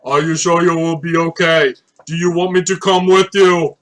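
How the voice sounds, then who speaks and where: Ein Mann spricht einen freundlichen jungen Musiker in einem Visual Novel, leise, langsam und ernst. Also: male voice, on the high side, steady tone, moderate pace, fairly bright tone, close to an everyday voice. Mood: caring. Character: kind young male musician, gentle.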